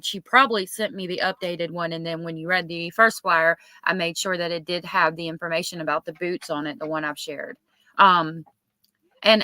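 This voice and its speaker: A woman's voice: fairly low pitch, sharp tone, dry recording. A woman hosting a casual livestream, reading chat messages aloud and chatting with lots of ums. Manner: chatty, filler-heavy with many ums. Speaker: livestream host.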